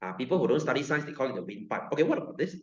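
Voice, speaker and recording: A man's voice: mid-range voice, sing-song, racing. A male science teacher with a Malaysian English accent lecturing a class, joking, repeating himself and firing questions at students. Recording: roomy classroom, dull lo-fi sound.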